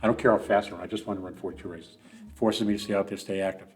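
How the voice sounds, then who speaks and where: A man's voice: on the low side, steady tone, very fast, soft background music. A middle-aged man, a guest on a running podcast, telling long rambling stories with many restarts and asides. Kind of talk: casual storytelling interview.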